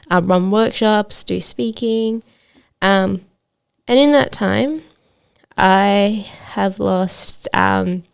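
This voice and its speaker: A woman's voice: medium pitch, creaky, a little mellow, clear, resonant tone. A woman hosting a solo podcast as a trades coach, talking in an earnest, motivational way with frequent fillers.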